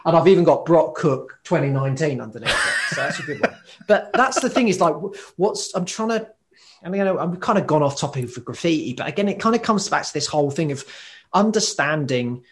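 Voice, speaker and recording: A man in casual chat, talking as an occupational therapist, animated and prone to tangents. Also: a little high, brisk.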